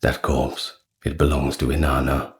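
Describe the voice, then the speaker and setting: A man voicing the moaning, regal queen of the underworld in a soft storytelling read. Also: very deep voice, level tone, a little slow.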